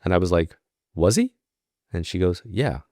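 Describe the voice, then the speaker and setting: A man with a low, deep voice tells a story on a podcast, acting out the lines of the people he quotes. He grew up in New York and talks in a relaxed, chatty way. The sound is close and dry, with no room echo. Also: normal speed. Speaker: podcast guest, psychic medium. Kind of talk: casual storytelling.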